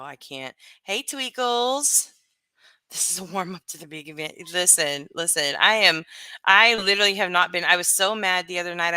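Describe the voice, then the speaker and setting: A woman's voice: on the low side, clean tone, no echo. Blunt, profane streaming woman. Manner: blunt, profane, animated, greeting chat by name. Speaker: live streamer. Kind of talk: casual livestream chat.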